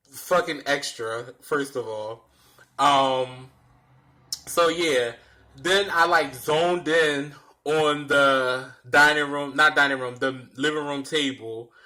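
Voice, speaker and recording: A young man casually telling a personal story in a dramatic, animated way, swearing freely. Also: mid-range voice. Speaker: vlogger.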